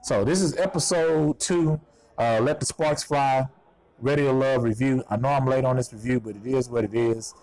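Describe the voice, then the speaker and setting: A man's voice: mid-range voice, normal speed, a little mellow, no echo. Chatty Texan man reviewing outdoors. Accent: Southern US, Texas. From Houston, Texas. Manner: chatty, self-deprecating, hype-driven. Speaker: TV show reviewer. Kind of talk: casual video review. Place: outdoors at a golf course. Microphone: clip-on mic on shirt.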